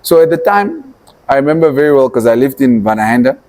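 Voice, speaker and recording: A man talks through his story as a podcast guest, his voice mellow and warm. He tells it with animation, slipping into quoted lines of what he once thought or said. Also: medium pitch, very animated, fast. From Namibia. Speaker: entrepreneur and activist guest.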